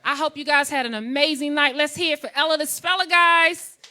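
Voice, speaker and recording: Very high, bright-voiced woman host. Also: steady tone, a little fast. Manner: upbeat, thanking and introducing guests. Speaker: show host. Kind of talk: live show hosting.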